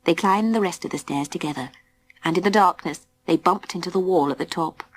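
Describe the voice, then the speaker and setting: A woman narrating a children's storybook in a gentle, suspenseful, often hushed way. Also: lowish voice, fairly quick, slightly rough. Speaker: audiobook narrator.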